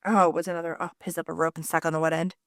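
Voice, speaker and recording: Low-voiced woman chatting casually. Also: little pitch movement, rapid-fire, dry recording, clean studio sound. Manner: rambling, filler-heavy, swears casually. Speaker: podcast co-host; mother. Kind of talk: casual chat.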